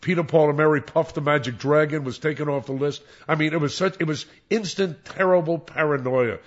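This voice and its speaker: An older man, a former radio disc jockey, reminiscing in an interview in a rambling, animated way with many restarts. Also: a little high, brisk. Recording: dull lo-fi recording.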